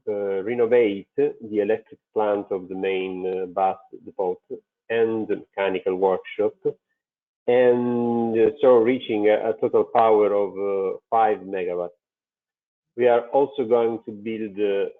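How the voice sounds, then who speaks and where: Man, webinar talk, slow, lots of fillers, phone-like sound. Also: fairly low pitch. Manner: halting, many fillers and restarts. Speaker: transit company presenter. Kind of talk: webinar presentation. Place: video call.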